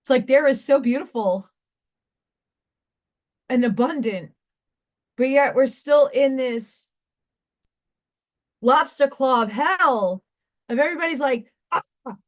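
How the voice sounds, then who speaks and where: Woman, craft stream host, high pitch, emotional rambling rant, tearful edge. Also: takes it slowly, pauses often. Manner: emotional, ranting, repeats herself. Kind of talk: casual live-stream monologue.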